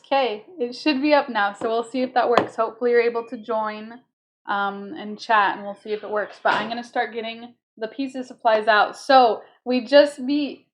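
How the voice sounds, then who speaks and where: A young woman streaming a game at home, chatting casually and excitably with her viewers, breaking into squeals of joy. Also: on the high side. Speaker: gaming streamer. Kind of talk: casual live-stream chat. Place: home, moving to kitchen.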